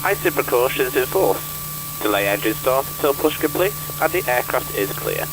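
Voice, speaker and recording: A clipped, procedural airport ground crewman, voiced by a man, his pitch rising and falling in a lively way. The recording is noisy simulator audio with a clear hiss beneath it. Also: moderate pace, natural voice. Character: adult male airport pushback ground crew. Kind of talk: recorded ground crew announcements.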